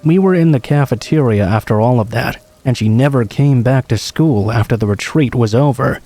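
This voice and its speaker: Man, horror story narrator, calm even reading, mellow dark tone, rain in background. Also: mid-range voice, normal speed. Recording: rain sounds behind the voice. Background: steady rain.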